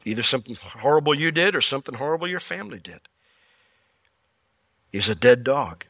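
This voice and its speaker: A man preaching a sermon as pastor, telling the story with jokes and lively asides. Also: medium pitch, fairly quick, no room sound. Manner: animated, joking storyteller.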